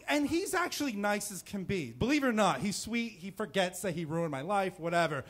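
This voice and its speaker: A man in his thirties from New Jersey tells a personal story on stage in a fairly high voice. He talks casually and rambles, with plenty of fillers and restarts. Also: expressive, a little slow, pauses often, a bit bright, a little hiss or hum. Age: 30s. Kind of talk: live storytelling. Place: stage before a live audience.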